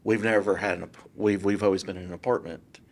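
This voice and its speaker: Man telling a lively story. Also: sits low, fast. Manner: animated, acts out quotes in different voices. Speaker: guest real estate broker. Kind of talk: casual storytelling.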